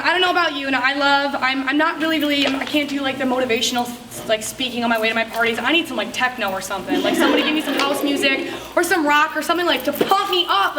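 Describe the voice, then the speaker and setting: A high, bright-voiced woman speaks to a summit crowd in a lively, chatty way and slips into playful bits of party small talk. She is heard from a distance across a roomy hall with echo, and there is a faint hum of ambience behind her. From upstate New York. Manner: chatty and upbeat, acts out party small talk, laughs often. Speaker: direct sales speaker at a summit. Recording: echoey hall, mic from a distance.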